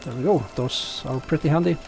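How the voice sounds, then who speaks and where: A man with a pronounced non-native English accent, narrating and commenting on a game in a relaxed, self-deprecating way. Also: a little high, fairly quick, vocal fry, over music. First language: not English. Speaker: let's play host.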